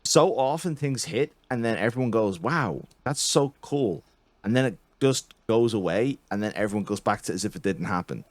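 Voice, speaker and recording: A man with a lowish voice holds forth as a podcast host, heated and profane, building into rants as he talks. The sound is dry and close, with no room around it. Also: brisk, few pauses, a little mellow, no room sound. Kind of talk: casual political chat.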